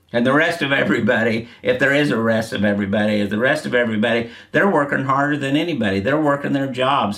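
Gravelly-voiced man preaching a sermon. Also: mid-range voice, a bit bright. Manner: earnest, repeats key phrases for emphasis. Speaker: pastor.

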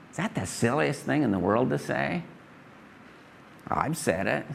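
A man's voice: mid-range voice, sing-song, a little slow, gravelly. A middle-aged man preaching a sermon emphatically, acting out pleading prayers to God. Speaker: pastor.

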